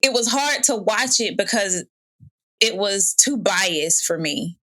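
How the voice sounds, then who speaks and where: A woman in casual podcast chat, animated and storytelling, acting out quoted voices. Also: mid-range voice, slow pace. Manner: animated storytelling, laughs often, acts out quotes. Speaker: podcast guest.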